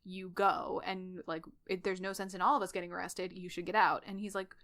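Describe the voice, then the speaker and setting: A woman co-hosting a podcast, casually recapping a story with lively quoted dialogue and frequent laughter. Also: lowish voice. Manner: animated retelling with quick voiced quotes and laughs. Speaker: podcast co-host. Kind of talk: casual fanfic recap chat.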